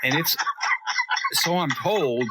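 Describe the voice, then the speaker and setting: A man's voice: a little high, slow pace. A man co-hosting a podcast, telling a self-deprecating story. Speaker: podcast co-host. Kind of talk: casual podcast chat. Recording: loud background noise with clicks.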